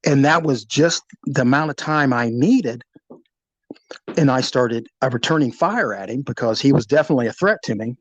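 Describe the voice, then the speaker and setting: A middle-aged man, a former police officer, telling a personal story in an animated, vivid way, acting out the sounds. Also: medium pitch, moderate pace, no echo, muffled recording. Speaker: retired police officer recounting a shooting. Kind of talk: storytelling in an interview.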